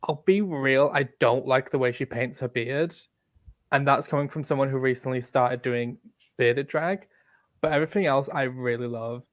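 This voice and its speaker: A man's voice: mid-range voice, normal speed, no echo. A man chatting casually as a podcast co-host, playful and opinionated. His voice sounds dry and close, with no room around it. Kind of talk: casual chat.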